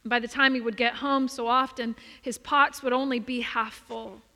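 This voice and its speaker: A woman preacher delivering a sermon built on a story, expressive and often dropping to soft emphasis. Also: on the high side, normal speed. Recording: long reverb of a large hall.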